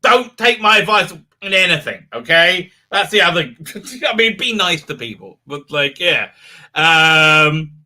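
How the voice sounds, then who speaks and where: A man's voice: a little high, very animated, unhurried, pushed and bright. A man hosting a livestream in casual chat, rambling and restarting often, with laughs breaking into his words. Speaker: livestream host.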